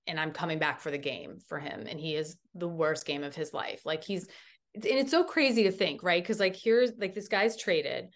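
A woman in her thirties, a podcast guest, telling a story in a casual, animated way, full of "like" fillers. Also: fairly low pitch, normal speed.

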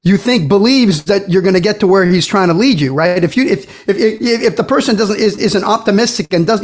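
A man hosting a podcast, asking casual, rambling questions with many restarts. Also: high-pitched. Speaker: podcast host.

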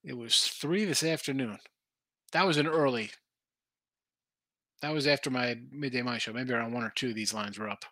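Bright-voiced man chatting about betting picks. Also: medium pitch, normal speed, long pauses, no room sound. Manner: rambling, thinks aloud over betting lines. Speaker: sports betting show host. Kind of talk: casual live-stream chat reading viewer picks.

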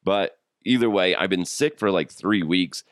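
A man in his thirties with a sick, rough throat, hosting a solo podcast in jokey, crude casual chat and laughing often. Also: deep voice, moderate pace, dry recording, studio quality. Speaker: podcast host.

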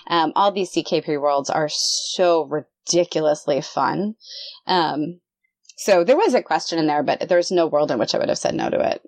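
A woman guest on a podcast talks in a bubbly, animated way. Her voice sits low. The sound is dry and close. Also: normal speed, dry recording. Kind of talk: casual podcast chat.

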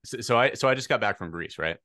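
A man's voice: mid-range voice, lively intonation, fast, pushed and bright, dry recording. A man co-hosting a podcast, chatting casually with dry, teasing humor. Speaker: podcast co-host. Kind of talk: casual chat.

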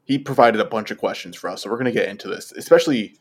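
A man's voice: fairly low pitch, rapid-fire, husky. A man hosting a casual basketball fan podcast, joking and mocking himself, slipping into quoted voices. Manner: joking, self-mocking, animated quoting. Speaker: podcast host.

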